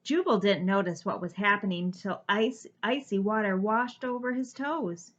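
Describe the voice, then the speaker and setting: A woman teacher reading a children's picture book aloud, with expressive, dramatic storytelling. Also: mid-range voice, normal speed. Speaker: first-grade teacher. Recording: slightly dull lo-fi recording.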